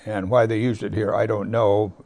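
Gravelly-voiced man teaching scripture. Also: on the low side, flat delivery, a little mellow. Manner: reads scripture slowly with heavy emphasis; drops to a near whisper at times. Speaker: pastor. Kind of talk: Bible teaching.

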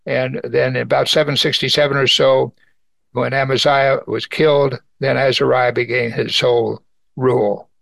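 A man's voice: level tone, moderate pace, creaky, a bit bright, no room sound. A man teaching an evening Bible study, earnestly reading scripture aloud and lifting his voice to stress key points. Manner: earnest, rises in pitch for emphasis, reads scripture aloud.

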